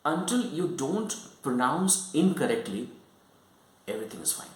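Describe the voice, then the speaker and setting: A man's voice: mid-range voice, big pitch swings, moderate pace. Man teaching English in a roomy echo. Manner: explanatory, keeps checking in with "right?" and "okay?". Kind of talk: online English lesson.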